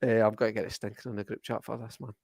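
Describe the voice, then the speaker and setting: A man's voice: lowish voice, level tone, rapid-fire, vocal fry, a little mellow, no room sound, studio quality. A Scottish man co-hosting a fan podcast, chatting casually and rambling with lots of restarts. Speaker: podcast co-host. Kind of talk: casual football chat.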